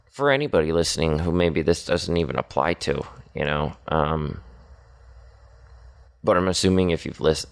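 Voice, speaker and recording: A man with a very low voice talks through a personal confession, stopping and restarting often and leaning on fillers. His tone stays earnest and direct as he speaks to someone close to him. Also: gravelly, clear, resonant tone. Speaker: podcaster speaking to his partner.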